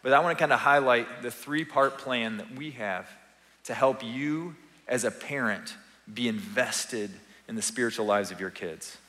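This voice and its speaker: A man's voice: mid-range voice, a bit bright. Earnest male pastor preaching in a reverberant church. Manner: earnest, encouraging, conversational preaching. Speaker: family pastor. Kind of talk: sermon. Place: church sanctuary.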